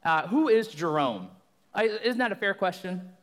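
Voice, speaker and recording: A loud, joking young man preaches as a guest speaker and spins a comic story on a microphone. His voice sits fairly high for a man. The church hall around him rings with long reverb. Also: very animated, normal speed. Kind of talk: sermon. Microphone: handheld or stage microphone.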